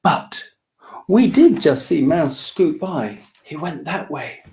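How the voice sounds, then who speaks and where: A chirpy flock of little birds from a picture book, voiced by a man. The voice jumps high and bright, tweeting as it talks. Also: sing-song, takes it slowly, exaggerated voice.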